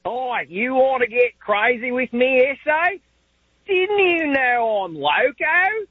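A male caller putting on an Australian accent, half-singing a rap hook in a drawn-out, sing-song way, played from a recorded message. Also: very high voice, lively intonation, breathy edge, no room sound, phone-quality sound, full character voice. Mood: playful. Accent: put-on Australian.

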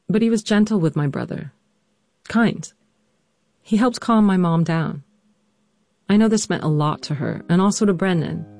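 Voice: mid-range voice, a little mellow, dry recording. Earnest, reflective documentary narrator. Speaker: narrator and interviewer.

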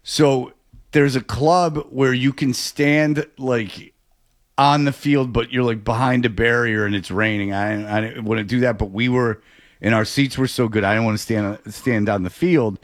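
A man chatting casually, spinning out a long story with plenty of false starts and sudden bursts of excitement. His voice sits at an ordinary pitch, and the recording is close and dry. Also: normal speed, no room sound. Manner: rambling, animated storyteller with frequent restarts.

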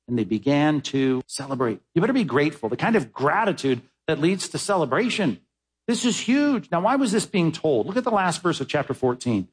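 A pastor preaching with emphatic energy, throwing his voice into the figures of the story he tells. His voice sits a little high and has a husky edge. He drives each point home with force. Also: fairly quick. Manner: emphatic, animated preaching with dramatic retellings. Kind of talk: sermon.

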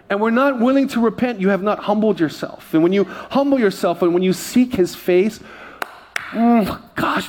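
Animated middle-aged pastor with a fairly high voice. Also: male voice. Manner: animated storytelling with funny voices for quoted people. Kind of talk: sermon.

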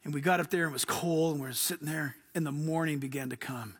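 A man preaching a sermon as pastor, telling stories in a lively way and laughing often. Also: on the high side, quick pace, breathy edge.

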